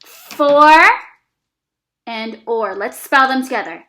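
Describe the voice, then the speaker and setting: A woman teaching an early reading lesson to young children, speaking slowly and encouragingly with plenty of praise. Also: on the high side, a bit bright, echoey room. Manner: slow, exaggerated, encouraging teacher talk with praise.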